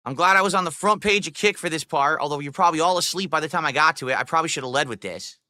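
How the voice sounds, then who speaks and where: A man's voice: fairly high pitch, racing, sharp tone. A man streaming live, ranting in a mocking, profane, exasperated way. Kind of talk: livestream rant.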